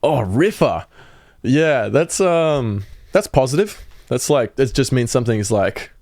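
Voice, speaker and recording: A man's voice: mid-range voice, animated, measured pace, a little mellow, no room sound, clean studio sound. A young Australian man with an Australian accent, co-hosting a podcast in casual chat and explaining slang with easy laughs. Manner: laid-back, laughs often, explains slang. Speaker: podcast co-host.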